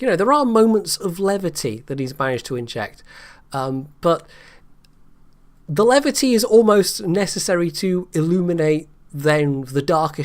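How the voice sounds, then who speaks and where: A man giving a casual, rambling book review, hesitant and full of restarts. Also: fairly high pitch.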